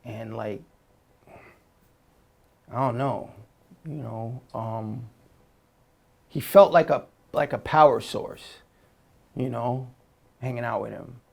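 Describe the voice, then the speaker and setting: A man telling stories in a relaxed, slangy way as an interview guest, with many fillers and restarts. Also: medium pitch, slow pace, vocal fry, long pauses, husky. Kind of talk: casual storytelling.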